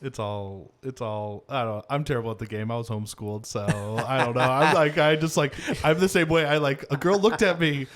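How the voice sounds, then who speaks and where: A man's voice: medium pitch, brisk, few pauses, fairly bright tone. A man hosting a podcast in casual chat, telling stories in a rambling way with lots of fillers and laughter. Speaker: podcast host.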